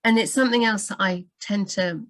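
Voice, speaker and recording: A woman working as a book doctor, giving writing advice in a live Q&A over a video call, animated and full of quick asides and restarts. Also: mid-range voice.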